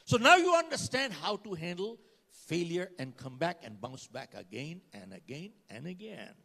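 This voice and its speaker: A man's voice: fairly high pitch, big pitch swings, normal speed, creaky, bright, forceful tone. An older man giving a motivational keynote, telling stories dramatically and acting out dialogue to the audience. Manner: dramatic storytelling, acts out dialogue, asks the crowd questions. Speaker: motivational speaker. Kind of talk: keynote speech to a live audience. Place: conference hall. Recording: reverberant hall sound.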